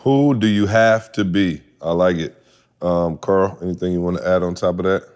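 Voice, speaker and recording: A man's voice: low-pitched, normal speed, darkish tone, smooth. A man co-hosting a podcast with brief, laid-back remarks in casual talk. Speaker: podcast co-host.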